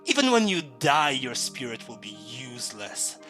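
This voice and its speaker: A man's voice: mid-range voice, very animated, moderate pace, sharp tone, soft background music. A man voicing a contemptuous dream version of an elven woman necromancer, speaking in a cold way.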